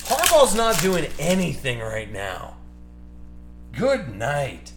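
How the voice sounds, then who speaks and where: A man's voice: fairly high pitch, wildly swooping pitch, fairly bright tone, a little hiss or hum. Heated ranting man in an echoey room. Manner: ranting, heated, fast-shifting. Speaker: card break host. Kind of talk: live stream chat while opening cards. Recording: echoey room with music behind.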